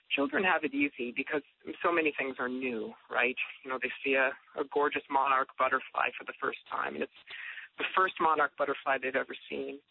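A man's voice: mid-range voice, gravelly. A man, the guest author, speaking thoughtfully with frequent fillers in a reflective conversation about faith. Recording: tinny phone line.

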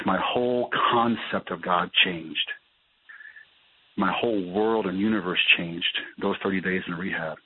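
A man telling his personal recovery story as a guest, in a halting way that repeats words as he restarts. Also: sits low, slight background noise. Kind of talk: personal testimony. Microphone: phone call. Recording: tinny phone line.

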